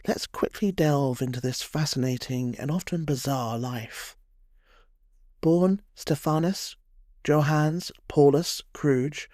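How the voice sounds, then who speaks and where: A man's voice: mid-range voice, darkish tone, dry recording. A man narrating a scripted history tale in a wry storytelling way, with dry humorous asides.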